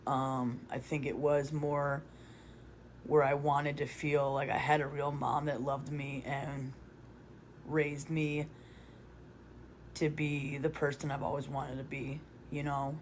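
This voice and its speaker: Flat-voiced woman telling a rambling confession. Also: sits low, unhurried, a little hiss or hum. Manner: rambling with many restarts and fillers; blunt, swears casually. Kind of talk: confessional storytelling.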